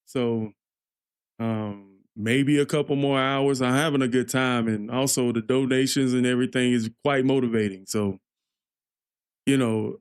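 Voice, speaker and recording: A man's voice: medium pitch, fairly even intonation, a little slow, clean tone. A man hosting a music reaction livestream, chatting casually with viewers and laughing often. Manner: laughs often, loose and playful; talks to viewers directly.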